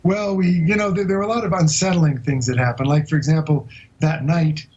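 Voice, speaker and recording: A man being interviewed as a guest explorer, telling a long story in a vivid but halting way with many hesitations. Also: fairly high pitch, fairly even intonation, a little mellow, muffled recording. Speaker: guest explorer recounting an expedition.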